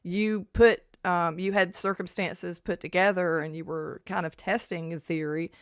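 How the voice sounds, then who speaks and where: A woman co-hosting a casual health chat, telling stories in an animated, rambling, exclamatory way. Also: on the low side, moderate pace, clear, resonant tone, no echo, clean studio sound. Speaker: co-host.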